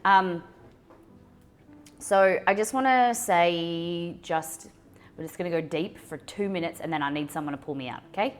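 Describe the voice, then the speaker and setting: An Australian woman hosting a casual cooking livestream, chatty and excitable as she talks to her chat. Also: lowish voice, normal speed.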